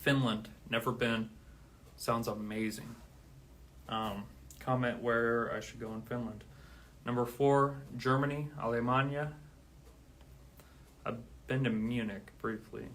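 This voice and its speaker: Flat-voiced man counting on a livestream. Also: medium pitch, a little slow, long pauses, slight background noise. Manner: steady counting, then grateful rambling. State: out of breath. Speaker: drummer streaming live. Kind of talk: casual livestream talk.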